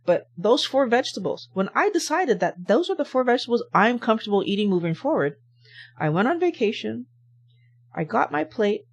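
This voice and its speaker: A woman hosts a health talk in an emphatic, coaching style. She hammers her point home with quick rhetorical "why?" questions, sitting at an ordinary mid pitch. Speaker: health channel host. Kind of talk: motivational talk to camera.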